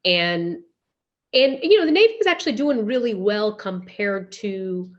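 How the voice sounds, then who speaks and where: Wry, brisk woman panelist with a lively, lowish voice, dull lo-fi call audio. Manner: brisk and wry, with quick asides. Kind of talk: panel discussion over video call.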